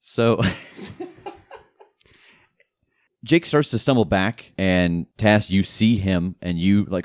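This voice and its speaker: Deep-voiced man running a tabletop game. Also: takes it slowly, long pauses, dry recording, studio quality. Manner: laughs while narrating. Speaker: game master.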